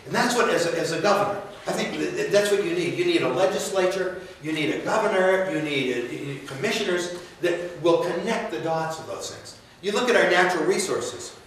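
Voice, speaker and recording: A man's voice: high-pitched, fairly quick, few pauses, fairly bright tone, a little hiss or hum. A man giving a folksy, rambling campaign speech to an audience at a university, often restarting his sentences. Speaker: political candidate. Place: university lecture room. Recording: echoey room, mic far off.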